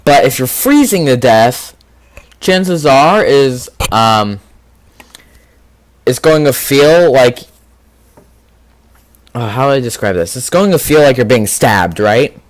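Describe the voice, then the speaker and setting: A man hosting a casual gaming video, rambling and thinking out loud with lots of fillers as he answers quiz questions. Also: mid-range voice, lively intonation, slow, long pauses, no room sound. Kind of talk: casual commentary on a quiz game.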